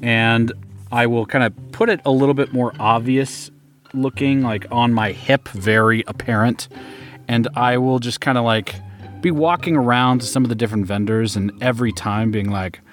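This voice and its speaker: A man's voice: mid-range voice, steady tone, moderate pace, soft background music. A man playing a tabletop game, chatting casually and talking through plans in a playful, hesitant way. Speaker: player.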